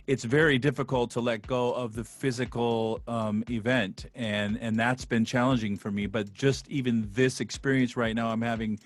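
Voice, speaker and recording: A man on a video call who talks in a halting, heartfelt way with a radio DJ flair. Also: mid-range voice, steady tone, dry recording. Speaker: guest. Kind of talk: casual chat on a video call.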